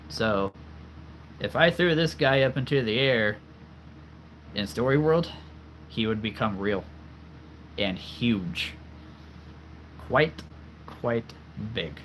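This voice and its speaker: A man hosting a relaxed livestream, chatting with his viewers and laughing often. He speaks at an unhurried, slow pace, and his voice is a little worn because he is losing it. Soft ambient sound hums faintly behind him. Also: mid-range voice, a little hiss or hum. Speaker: livestream host. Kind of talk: casual live chat answering viewers.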